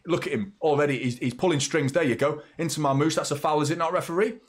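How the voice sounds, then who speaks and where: Quick and a little high-pitched, a young English man chats casually through a live football watchalong, wandering from topic to topic and calling out viewers by name.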